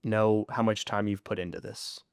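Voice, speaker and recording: A man's voice: on the low side, level tone, normal speed, gravelly, clean tone, no room sound, clean studio sound. A man interviewing a company chief, playful and upbeat as he sets up his questions. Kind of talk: sit-down interview.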